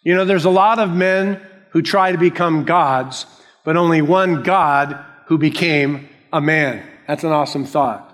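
A male pastor preaching a sermon, slow and emphatic, repeating key phrases. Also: a little high, fairly bright tone, long reverb tail.

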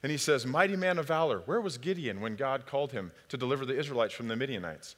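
A man preaching a sermon, lively and conversational, who acts out biblical dialogue in different voices. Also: medium pitch, fast talker. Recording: long hall reverb.

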